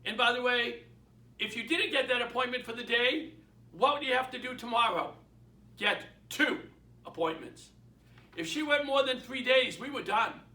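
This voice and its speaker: A man's voice: very high-pitched, normal speed, pushed and bright, recorded from a distance. A man with a Boston accent, a real estate mentor giving an emphatic motivational sales talk and repeating his key points. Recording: echoey room, away from the mic.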